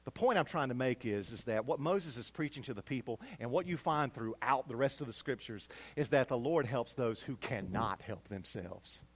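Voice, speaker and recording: A middle-aged male pastor preaching a sermon, swinging from loud emphatic peaks to quiet low asides.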